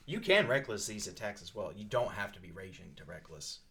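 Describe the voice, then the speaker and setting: A man running a tabletop game as game master, casual and animated, calling rolls and damage. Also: lowish voice, a little fast. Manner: animated, bursts into laughing voices for monsters.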